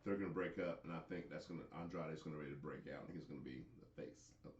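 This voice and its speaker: A man co-hosting a casual wrestling chat on a live stream, halting and repeating words as he thinks. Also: rumbling low, far from the mic, slight background noise. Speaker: co-host. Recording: echoey, dull sound.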